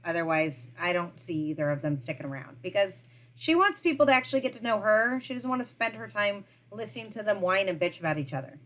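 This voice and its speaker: A woman's voice: mid-range voice, big pitch swings, fast, hardly any pauses, fairly bright tone. A woman in her thirties, co-hosting a casual chat, recapping a show with lots of "like" and laughs. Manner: chatty, recapping with frequent "like" and laughs. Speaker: podcast co-host.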